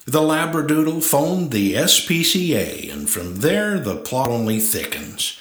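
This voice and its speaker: Slow, lilting man reciting cowboy poetry. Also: mid-range voice, sing-song, fairly bright tone, roomy sound. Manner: storytelling with playful put-on accents.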